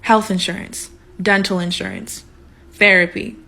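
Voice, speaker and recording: A woman's voice: mid-range voice, a little slow, vocal fry, pushed and bright. A woman giving earnest, urging college advice straight to the viewer. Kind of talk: direct-to-camera advice.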